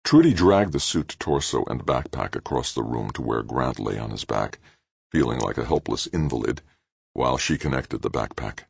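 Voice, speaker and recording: A man narrating an audiobook in a steady, measured reading. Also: rumbling low, gravelly, breathy edge, no room sound. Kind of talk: scripted narration.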